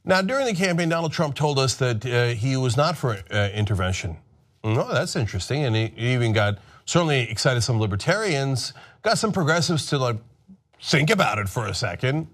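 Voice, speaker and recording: A man's voice: mid-range voice, very animated, brisk, fairly bright tone. A man hosting political commentary, ranting sarcastically and mocking others in put-on voices.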